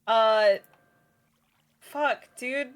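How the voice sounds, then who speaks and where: A woman's voice: on the high side, drawn-out words. A woman co-streaming in casual chat, explaining things and laughing often.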